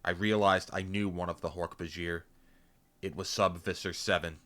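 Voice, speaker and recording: A man narrating an action-packed novel in first person, intense and punchy, voicing loud sound effects. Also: low voice, steady tone, moderate pace. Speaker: audiobook reader.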